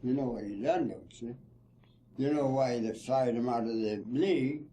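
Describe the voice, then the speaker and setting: With a dark, mid-range tone and a moderate pace, an older man who once played ball looks back in an interview. He tells folksy stories sprinkled with "see?" and "you know," and the recording carries a faint hiss or hum.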